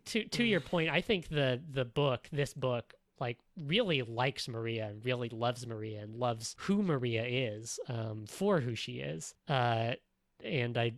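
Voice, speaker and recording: A man's voice: mid-range voice, fairly bright tone, dry recording. A man co-hosting a casual podcast discussion, talking in long rambling sentences full of fillers and restarts. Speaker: podcast co-host.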